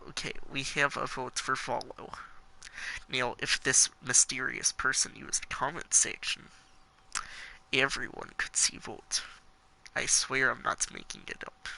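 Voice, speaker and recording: A man's voice: medium pitch, fairly even intonation, measured pace, vocal fry, bright, forceful tone, low-quality recording. A man reading game text aloud and commenting casually, playful and giggly, with jokey asides between the lines. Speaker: let's play gamer.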